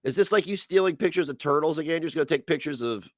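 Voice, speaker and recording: A man's voice: on the high side, fast talker, no room sound, studio quality. A man streaming from home, ranting angrily and sarcastically with heavy profanity while reacting to posts on screen. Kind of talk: angry commentary rant.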